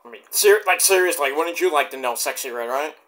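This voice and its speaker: Bright, animated wrestling recap guy. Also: fairly high pitch, brisk. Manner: rambling and profane, trailing off. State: tired late at night. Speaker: wrestling show reviewer. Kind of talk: casual recap monologue.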